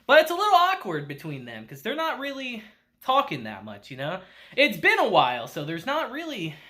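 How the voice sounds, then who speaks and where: Animated, chatty man recapping an anime. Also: high voice, moderate pace. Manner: animated, chatty, laughs often. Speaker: anime reviewer. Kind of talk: casual recap review.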